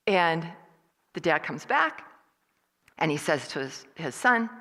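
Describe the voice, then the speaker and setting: Low-voiced woman telling a story in a hall. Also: takes it slowly, long pauses. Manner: lively storyteller who acts out other people's lines. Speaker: guest speaker at a church service. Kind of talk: personal storytelling talk. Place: church hall.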